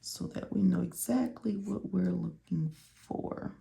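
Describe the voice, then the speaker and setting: A woman's voice: lowish voice, creaky, background noise. A woman teaching medical coding, walking viewers step by step through a study lesson and repeating her instructions and questions as if they could answer. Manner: slow, repetitive, talks to viewers as if they can answer.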